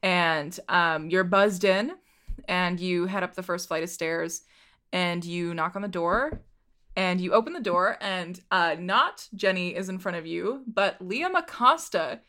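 A woman's voice: on the low side, unhurried, bright, forceful tone. A woman narrating a tabletop game as game master, casual and rambling.

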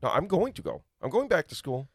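A man's voice: fairly high pitch, huge pitch swings, brisk, dry recording, clean studio sound. A man co-hosting a casual podcast, arguing his point and playing devil's advocate. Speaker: podcast co-host. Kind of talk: casual chat.

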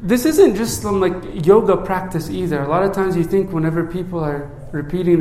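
A male priest giving a conversational sermon. He often checks in with "right?", repeats words as he restarts phrases, and drops low and soft when he recites the prayer. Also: animated, brisk, few pauses, echoey room, slight background noise.

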